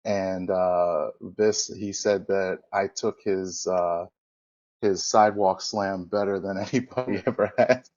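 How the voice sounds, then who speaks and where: A man's voice: low-pitched, fairly even intonation, a little slow, darkish tone. Guy on a podcast telling a wandering story, keeps backtracking, kinda muffled sound. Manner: rambling, self-correcting, acts out quoted dialogue. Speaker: podcast guest, former wrestler. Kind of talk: casual storytelling interview.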